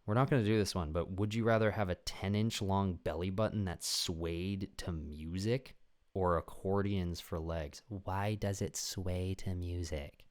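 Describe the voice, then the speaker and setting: A man's voice: deep voice, fairly even intonation, measured pace, darkish tone. A young man hosting a podcast in a casual, rambling, profane chat. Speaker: podcast host.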